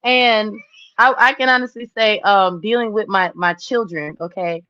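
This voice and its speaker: A woman's voice: mid-range voice, moderate pace, no echo. Woman host, chatty and laughing, talks to viewers in a dry, dull lo-fi recording. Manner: chatty, laughs often, acts out what people said. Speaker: live stream host. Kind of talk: casual live chat to viewers.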